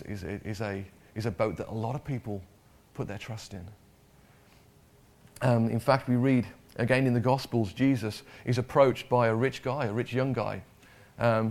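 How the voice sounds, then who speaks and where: Male preacher, mid-pitched voice, conversational sermon with repeated words and questions to the room. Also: a little mellow.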